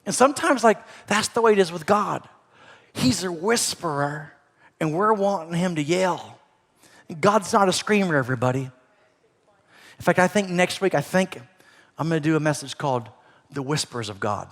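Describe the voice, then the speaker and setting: A middle-aged man preaching a sermon as a pastor, animated, swinging between loud emphasis and soft asides. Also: high-pitched, moderate pace. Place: church auditorium. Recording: long hall reverb.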